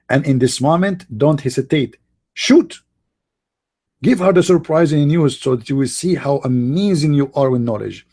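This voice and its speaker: A man talks through a live debate stream in a sarcastic, mocking tone. His voice is dark and mellow, a little hoarse, with the occasional cough. His English phrasing is slightly non-native. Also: medium pitch, moderate pace. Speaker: debate show host.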